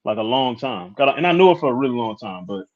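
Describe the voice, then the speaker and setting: A man's voice: mid-range voice, big pitch swings, fast. Frank man in his thirties, muffled sound. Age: 30s. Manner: candid, frequent "you know what I'm saying". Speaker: guest. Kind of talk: casual podcast chat. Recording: dull lo-fi sound.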